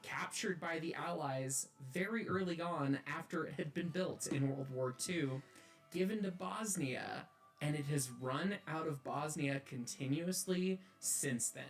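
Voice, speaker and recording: A man's voice: fairly high pitch, unhurried, faint music behind. A man telling an earnest, enthusiastic and detailed story about railways. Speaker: railway enthusiast telling of driving a steam locomotive.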